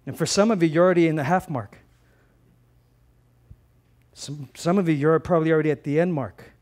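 Guy pastor preaching, chatty and animated, kinda high-ish voice, stumbles over words a lot. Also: a little fast. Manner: animated, conversational preaching with frequent repetitions; swings between loud emphasis and soft low asides. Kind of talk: sermon.

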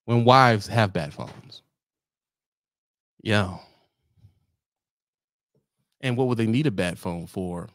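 Animated, profane trucker ranting. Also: male voice, fairly low pitch, slow pace, long pauses, no room sound, clean studio sound. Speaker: trucker vlogger. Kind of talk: comic rant to camera.

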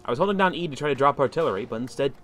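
A young man giving chatty, animated commentary while playing a game, shouting at enemies now and then. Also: mid-range voice, very fast. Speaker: gaming commentator. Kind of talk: casual gameplay commentary. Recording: faint game noise behind.

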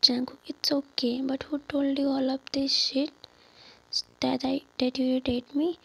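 A woman voicing a protective young husband in a whispered role-play, speaking softly and insistently. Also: high voice, fairly even intonation, measured pace, breathy edge, exaggerated voice, low-quality recording. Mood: tender.

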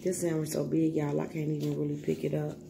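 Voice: medium pitch, completely flat delivery, fast talker, vocal fry, mellow, slight background noise. A vlogger talking casually to viewers while eating, loose and slangy, often repeating words.

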